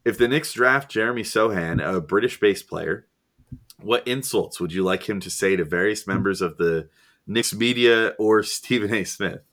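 A young man co-hosting a sports podcast in a relaxed, joking manner. His voice sits fairly low, and he trades easy banter with his co-hosts. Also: moderate pace. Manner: joking, laid-back banter. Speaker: podcast co-host. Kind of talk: casual chat.

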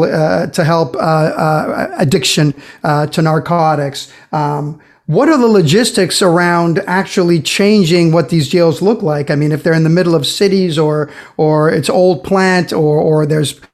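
A man's voice: fairly high pitch, a little mellow. A man co-hosting a podcast interview, cracking dry jokes and asking probing questions. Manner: quick-witted, inquisitive. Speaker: podcast co-host.

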